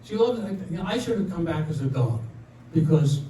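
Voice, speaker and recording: A man's voice: a little high, big pitch swings, normal speed, dark tone, a little hiss or hum. An older man telling jokes stand-up style, chatty and driving toward each punchline, laughing along at his own jokes. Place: community room at a senior residence. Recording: echoey room, mic at a distance.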